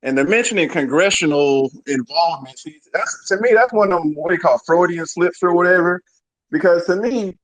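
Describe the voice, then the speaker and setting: A man calling in to a live audio room who talks casually and a little rambly as he explains why something feels suspicious to him. His voice sits slightly higher than most men's. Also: moderate pace, low-quality recording. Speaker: caller. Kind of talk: casual call-in comment.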